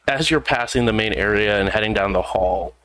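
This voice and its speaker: A man narrating as game master in a tabletop role-playing game, relaxed and loose with fillers. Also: on the low side, a little fast, clean tone, no echo.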